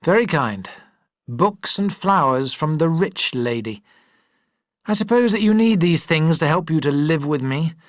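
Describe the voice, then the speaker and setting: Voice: mid-range voice, lively intonation, a little slow, dry recording, clean studio sound, natural voice. A reader voicing a proud, jealous young doctor in a novel, clipped and bitter in his words. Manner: clipped and bitter, then pleading. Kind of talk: audiobook character voice.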